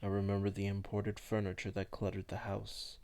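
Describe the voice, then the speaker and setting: A man voicing a melancholy old vampire who recalls his past slowly and softly. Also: on the low side, completely flat delivery, close to an everyday voice. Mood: wistful. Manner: slow, soft, hushed storytelling.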